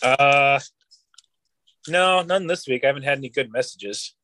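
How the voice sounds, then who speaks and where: A man's voice: medium pitch, measured pace, bright, forceful tone, dry recording. A man co-hosting a casual podcast, bantering with crude jokes. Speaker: podcast co-host. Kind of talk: casual chat.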